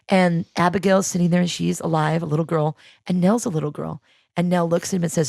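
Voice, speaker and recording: A woman's voice: fairly low pitch, fairly even intonation, quick pace, creaky, a little mellow, no echo, clean studio sound. A woman guest on a podcast, retelling a TV show with energy and acting out the characters' lines in a casual chat.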